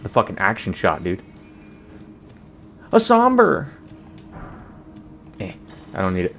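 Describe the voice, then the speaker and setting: A man's voice: deep voice, fast talker, a bit bright, highs cut off, slight background noise. A man hosting a let's play, joking and swearing in casual gameplay commentary. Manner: profane, joking, laughs often.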